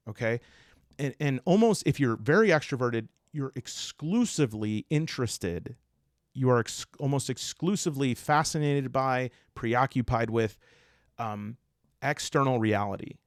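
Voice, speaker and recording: A man hosting a casual podcast, explaining ideas in an animated, digressive way with jokey asides. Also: mid-range voice, clean tone, no room sound, clean studio sound. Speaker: podcast host.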